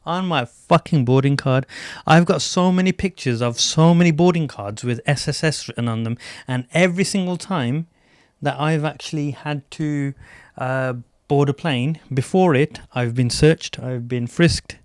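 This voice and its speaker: A man telling rambling stand-up stories, acting out other people's voices and halting often with fillers. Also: on the high side, clear, resonant tone, no room sound, clean studio sound. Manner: rambling anecdotes with quoted voices; slow, halting delivery with many fillers. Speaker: stand-up comedian. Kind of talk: stand-up storytelling.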